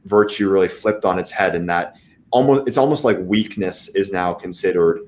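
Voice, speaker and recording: A man speaking as a guest in a casual panel discussion, halting with many fillers and restarts. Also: low-pitched.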